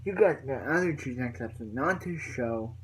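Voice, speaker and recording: A young man talking through a TV episode recap, rambling and restarting his sentences over and over. His voice sits at an ordinary middle pitch, with a faint background hum behind him. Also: lively intonation, moderate pace, poor audio. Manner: rambling, many fillers and restarts. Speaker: reviewer.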